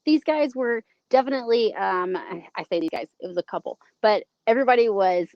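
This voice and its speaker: A woman's voice: a little high, brisk, dry recording, highs cut off. Bubbly Southern woman chatting on a livestream. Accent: Southern American. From American South. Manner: bubbly, chatty, talks to viewers and reads comments aloud. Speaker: livestream host. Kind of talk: casual livestream chat.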